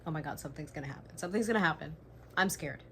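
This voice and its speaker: A woman's voice: sits low, rapid-fire, slight background noise. Gushing young woman reacting to a book. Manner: excitable, gushing, swears, drops to whispers. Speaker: book vlogger. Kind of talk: casual reading vlog reactions.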